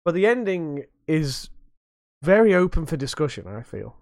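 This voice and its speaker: A young podcast host talks in a loose, rambling way, swearing often and poking fun at themself. The voice sits in a middle pitch and is recorded close and dry, with no room sound around it. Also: very animated, moderate pace, a little mellow, dry recording. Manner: sweary, rambling, self-mocking. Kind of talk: casual podcast chat.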